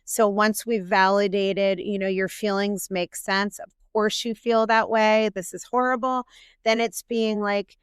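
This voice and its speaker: Smooth, earnest middle-aged woman therapist. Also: mid-range voice, little pitch movement, unhurried, dry recording, clean studio sound. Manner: warm, earnest explaining with quoted self-talk. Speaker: couples therapist, guest. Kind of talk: interview conversation.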